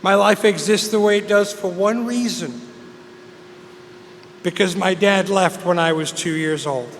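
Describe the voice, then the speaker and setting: At a recovery meeting in a big hall, a middle-aged English speaker earnestly tells his own story as a testimony. He has a high voice and goes a little slow; the recording has long hall reverb and faint noise.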